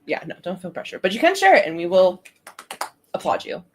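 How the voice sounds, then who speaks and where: A woman co-hosting a casual writing stream, excitable and giggly. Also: fairly low pitch, a little fast, a little hiss or hum. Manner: giggly and excitable, reads aloud in a put-on accent. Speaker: streamer co-host.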